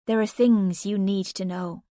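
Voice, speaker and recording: A woman voicing a nervous young woman who speaks in a hushed, urgent whisper with a soft lilt. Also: mid-range voice, fairly even intonation, unhurried, no room sound, clean studio sound, lightly acted. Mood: anxious. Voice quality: soft lilting accent.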